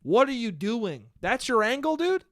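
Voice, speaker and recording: A man's voice: very high-pitched, sing-song, moderate pace, no echo, studio quality. A young man hosting his own solo podcast, ranting with lots of swearing and mocking quotes. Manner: ranty, profane, mocking put-on poet voices. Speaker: podcast host. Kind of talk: solo comedic rant.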